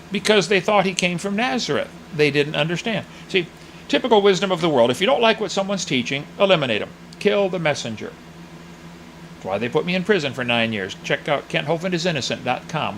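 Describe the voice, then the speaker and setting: Gravelly preacher, folksy and mocking. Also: male voice, a little high, fairly bright tone, a little hiss or hum, poor audio. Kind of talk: sermon with Bible reading.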